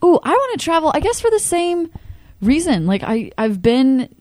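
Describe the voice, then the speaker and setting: A woman's voice: sits high, very animated, moderate pace, a little mellow. A young woman from California chatting casually, rambling and filling her talk with "like". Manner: rambling, heavy use of "like". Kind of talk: casual chat.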